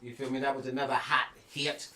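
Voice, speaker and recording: A man's voice: medium pitch, little pitch movement, a little fast, bright, forceful tone, echoey room, slight background noise. A man hosting a live stream, talking in a laid-back, slangy way. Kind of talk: casual live-stream chat.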